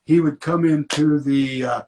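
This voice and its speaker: A man's voice: a little high, fairly even intonation, unhurried, warm tone, slight background noise, low-quality recording. An older man, a former football player, telling rambling, self-correcting stories in an interview. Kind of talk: storytelling in an interview.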